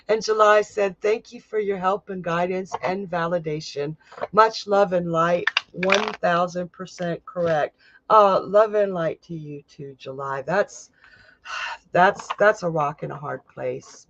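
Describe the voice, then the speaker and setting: Slow, chatty male psychic on a live stream. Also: on the high side, muffled recording, background noise. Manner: chatty, laughs often, talks to viewers as you guys. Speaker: psychic host doing live readings. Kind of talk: casual live-stream tarot reading.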